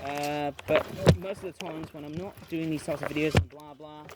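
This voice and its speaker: Weeding his backyard garden, a gardening vlogger records himself outdoors with a tablet camera. His slightly high voice keeps a steady tone and moderate pace as he offers chatty, exclamatory, playfully worded commentary. The recording is very noisy.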